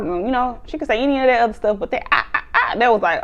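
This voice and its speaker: Animated, laughing woman recapping a reality show. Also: fairly high pitch, quick pace, hardly any pauses, lo-fi sound. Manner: animated, laughs often, acts out cast members' lines. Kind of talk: casual chat.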